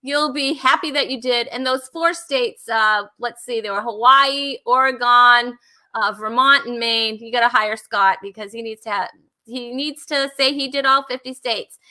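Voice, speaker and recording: Bubbly high-voiced comedy show host woman. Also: moderate pace, bright, forceful tone. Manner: giggly and bubbly, laughs often. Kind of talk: casual chat on a live comedy show.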